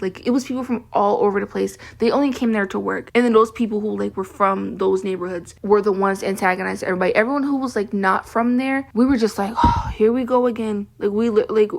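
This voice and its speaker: Exasperated young woman ranting, creaky voice. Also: fairly high pitch. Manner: exasperated, heavy use of "like". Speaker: vlogger. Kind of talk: casual ranting storytime.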